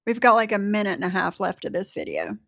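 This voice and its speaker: A woman's voice: medium pitch, huge pitch swings, fast talker, a bit bright, no echo, clean studio sound. A woman co-hosting a livestream, reading viewer comments aloud and answering them in a wry, sarcastic tone. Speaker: co-host reading chat. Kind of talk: casual livestream chat.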